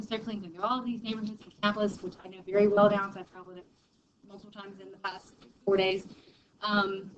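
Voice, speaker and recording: A woman's voice: medium pitch, dull audio. A woman chemistry teacher, talking to her class in a chatty, rambling way full of fillers, recorded in a classroom. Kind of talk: classroom lecture and personal story.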